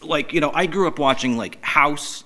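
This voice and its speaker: Podcast host, a man with a bright, sharp voice, swears constantly and tells rambling stories. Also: on the high side, normal speed. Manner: profane, rambling, self-mocking. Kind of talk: casual storytelling.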